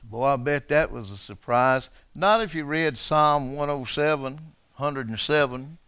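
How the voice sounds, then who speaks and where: Man, pastor, dramatic sermon, slow delivery, dry close sound, calls out to the congregation. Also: medium pitch, clean tone, dry recording. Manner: dramatic preaching, swings from hushed to shouting. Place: church.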